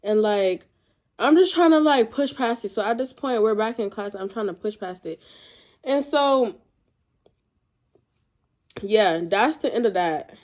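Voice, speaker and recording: A young woman casually telling a personal story to her viewers, chatty and animated, acting out what others said. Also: on the high side. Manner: chatty, animated, fast asides and quoted voices. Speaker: storytime vlogger.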